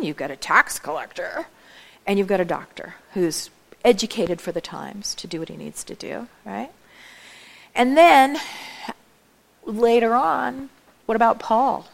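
A chatty woman gives a lively talk to a church audience, her voice gravelly with vocal fry. She keeps asking her listeners direct questions and adds quick asides. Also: a little high. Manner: chatty, many asides and laughs. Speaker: speaker at a church event.

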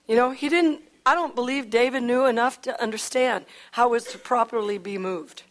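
A woman preacher telling a Bible story in a chatty, animated way with frequent laughs and asides. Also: a little high, a little fast. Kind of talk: sermon storytelling.

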